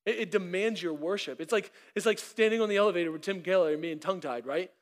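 Man preaching, pastor, high voice, animated delivery, stumbles and restarts. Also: quick pace. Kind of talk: sermon.

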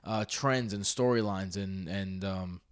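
A man hosting a casual sports podcast, talking in an excitable, rambling way with frequent restarts. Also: deep voice, a little slow, smooth. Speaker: podcast host.

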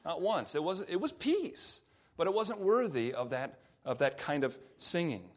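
A man's voice: fairly high pitch, very animated. Man preaching a sermon, teaching tone. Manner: explanatory, pauses on fillers and restarts; reads scripture aloud slowly. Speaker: pastor.

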